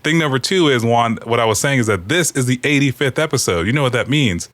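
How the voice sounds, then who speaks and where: A man's voice: mid-range voice, animated, fast talker, fairly bright tone, dry recording. A man hosting a casual podcast, joking and rambling with his co-hosts and laughing often. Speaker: podcast host.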